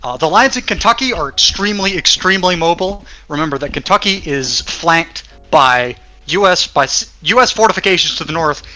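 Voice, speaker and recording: Bright-voiced, blunt man chatting casually. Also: a little high, animated, a little fast, hardly any pauses, faint music behind. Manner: laid-back, blunt, swears casually. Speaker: podcast co-host. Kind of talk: casual alternate-history chat.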